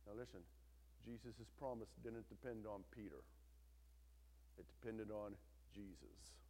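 A man preaching a sermon, swinging between loud, intense retelling and hushed, quiet emphasis. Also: on the low side, lively intonation, a little slow. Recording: long hall reverb.

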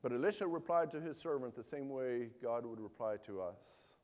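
A man's voice: medium pitch, lively intonation, moderate pace, darkish tone, long reverb tail. A man preaching a sermon in an earnest way, reading scripture and putting rhetorical questions to his listeners. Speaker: pastor.

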